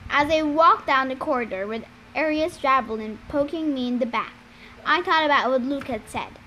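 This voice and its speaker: A woman reading a novel aloud with steady storytelling narration. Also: sits high, a little hiss or hum. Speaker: reader.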